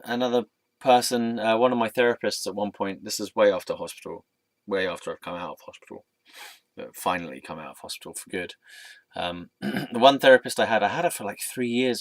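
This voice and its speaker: Guy telling his own story, soft and earnest, kinda low voice, dry sound. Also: no room sound. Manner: earnest, reflective, soft-spoken. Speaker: vlogger. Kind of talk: personal storytelling.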